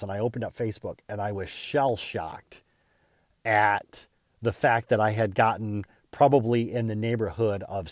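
A man hosting his own podcast, telling a casual, self-deprecating story with lively retelling and many restarts. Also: fairly low pitch, dry recording, clean studio sound. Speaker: podcast host.

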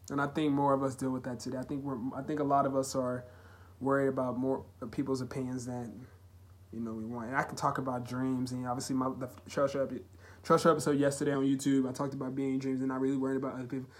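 A man's voice: medium pitch, flat delivery. Earnest young man on a confessional podcast. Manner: earnest, halting, emotional, heartfelt. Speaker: podcast host. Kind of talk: solo confessional podcast talk.

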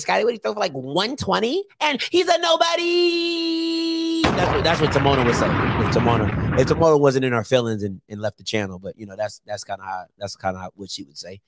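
A man's voice: lowish voice, no room sound, studio quality. A man hosting his own YouTube show, chatting casually and teasing viewers, with lots of fillers. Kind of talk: casual live-stream talk.

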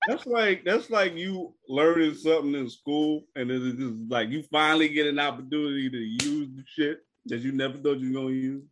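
A man's voice: on the high side, a little fast, few pauses, a bit bright, a little hiss or hum, rough recording. A young man co-hosting a podcast, joking bluntly and swearing freely. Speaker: podcast co-host. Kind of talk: casual chat.

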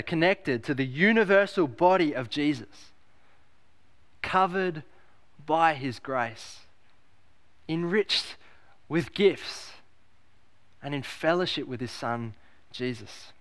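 A man preaching with emphasis, his voice sitting a little higher than most men's. He repeats key phrases and asks the congregation rhetorical questions, lifting his voice on quoted lines. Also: fairly bright tone. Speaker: pastor. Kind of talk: sermon.

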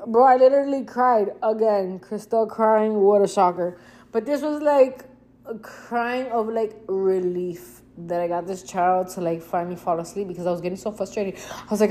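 A woman's voice: a little slow, dark tone. Chatty young woman, casual storytelling. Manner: chatty, swears casually, acts out her own past lines with big pitch jumps.

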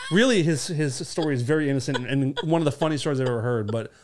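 Teasing man with a lively voice. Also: medium pitch, quick pace, background noise. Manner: teasing, crude jokes. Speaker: podcast co-host. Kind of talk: casual chat.

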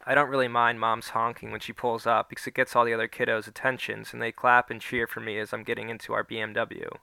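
A man's voice: mid-range voice, little pitch movement, fast talker, gravelly, bright, forceful tone, clear, resonant tone, no room sound. A man narrating a first-person story aloud, giving the characters small shifts of voice.

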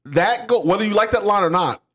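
With a voice that sits high and a fairly quick pace, a man co-hosting a podcast discusses sales casually. He gets animated and acts out quoted salespeople in this business chat.

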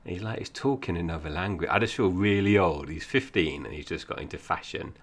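Low gravelly man with slight Cockney. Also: brisk. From Essex, England. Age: 40s. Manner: chatty, rambling, laughs often. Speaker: podcast co-host. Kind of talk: casual chat.

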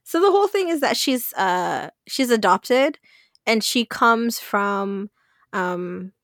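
A woman co-hosting a podcast in casual chat, animated, laughing often and swearing freely. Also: mid-range voice, slow pace, no room sound, studio quality. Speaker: podcast co-host.

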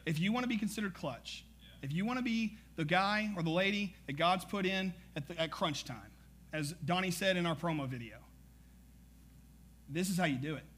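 Guy preaching, kinda high voice, fired up, chatty with the crowd. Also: moderate pace. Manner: energetic, conversational preaching with asides. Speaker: pastor. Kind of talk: sermon.

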